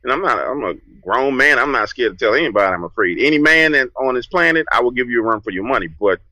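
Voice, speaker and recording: Bright-voiced New man telling a story. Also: medium pitch, fast talker, no room sound, poor audio. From New Orleans, USA. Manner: lively, acts out his own past lines. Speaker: podcast guest. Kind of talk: casual storytelling.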